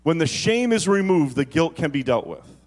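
Speaking in a high-leaning, sing-song voice, a man preaching as pastor swings from fast storytelling to deliberately slow, drawn-out key phrases.

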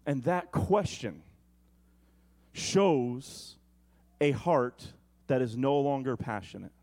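A man's voice: medium pitch, expressive, slow pace, darkish tone. A male pastor preaching a sermon in a conversational way, with comic asides.

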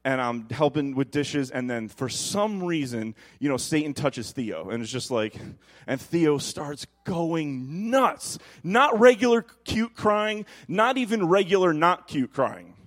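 A man in his thirties preaching a lively sermon in a church, telling stories animatedly and dropping soft and low when quoting God. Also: a little slow. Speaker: pastor.

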